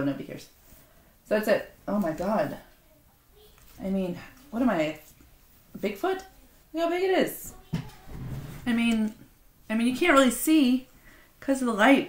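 A woman unboxing a gift box at home, chatting casually with sarcastic, self-mocking banter. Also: mid-range voice. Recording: roomy echo, faint noise.

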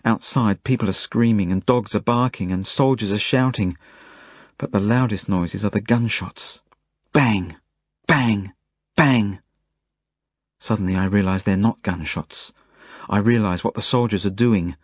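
A man reading his own novel aloud in the first person, earnest and rising to urgent shouts. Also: on the low side, normal speed, dry recording, studio quality. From Australia. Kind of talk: audiobook narration.

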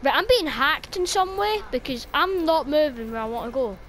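A woman's voice: high-pitched, expressive, normal speed, fairly bright tone, a little hiss or hum. A young woman commentating her own gameplay, exclaiming and swearing at the game and grumbling about lag. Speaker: gaming video creator.

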